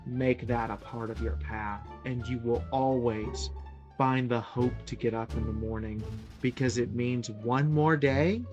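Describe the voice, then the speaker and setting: A woman streamer reacting to memes in a loose, excitable way, swearing and riffing freely. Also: very deep voice. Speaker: VTuber streamer. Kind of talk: meme reaction commentary.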